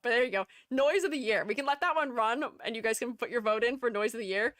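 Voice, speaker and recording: Playful giggly woman streaming, a bit high pitched, super dry sound. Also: quick pace, dry recording. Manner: giggly, laughs often; playful and animated. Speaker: streamer and art educator. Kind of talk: casual live-stream chat.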